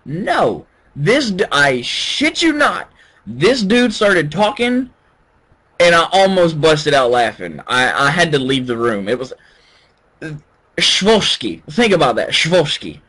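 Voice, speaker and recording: Brief: man with a fairly high voice, reading posts aloud to friends on a voice chat, joking around. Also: big pitch swings, a little slow, fairly bright tone, breathy edge. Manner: joking, laughs often while reading. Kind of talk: casual voice chat among friends.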